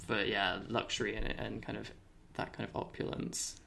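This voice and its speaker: A man's voice: fairly low pitch, level tone, moderate pace, gravelly, bright, forceful tone. A man with a posh British accent co-hosting a podcast in easygoing, agreeable book club chat. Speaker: podcast co-host. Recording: traffic noise from an open window.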